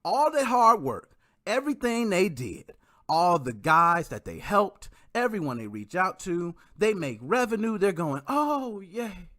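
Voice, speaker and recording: A man chatting casually on a livestream, his pitch swooping high and low as he talks. His tone is bright and forceful, and he addresses the viewers directly. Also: measured pace. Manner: animated, talks straight to viewers and greets chat. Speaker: livestream host.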